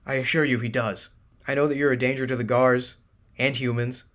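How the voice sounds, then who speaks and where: A man's voice: medium pitch, level tone, fairly quick, fairly bright tone, natural voice. A man reads as an earnest, anxious creature guide in a storybook. He explains eagerly, with his voice lifted a little. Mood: explaining.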